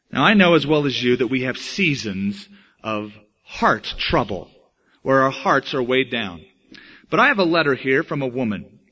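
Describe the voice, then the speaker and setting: A male pastor preaches with an animated, rising and falling voice that sounds bright and forceful. He drives his points home emphatically, slowing down and then rushing ahead. The old recording is dull and lo-fi. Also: on the high side. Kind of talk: sermon.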